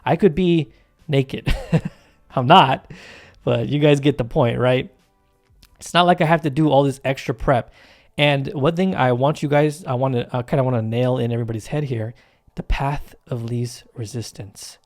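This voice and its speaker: A man's voice: mid-range voice, normal speed. A man hosting his channel off camera, talking casually over gameplay in a rambling, emphatic way with many restarts and fillers. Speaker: YouTube channel host. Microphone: home voice-over mic, off camera.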